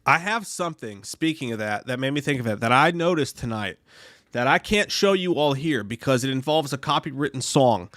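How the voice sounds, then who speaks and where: A man's voice: medium pitch, lively intonation, fairly quick, fairly bright tone, no room sound. A man co-hosting a casual live stream, rambling and swearing as he reads viewer comments. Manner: profane, rambling, lots of restarts. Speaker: podcast co-host reading live chat.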